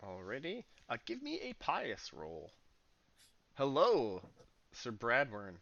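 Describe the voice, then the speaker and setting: A man's voice: medium pitch, huge pitch swings, slow, creaky, a bit bright, no room sound, highs cut off. A man running a tabletop game as game master, narrating scenes casually with frequent hesitations. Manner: casual, hesitant with many "uh"s, laughs easily.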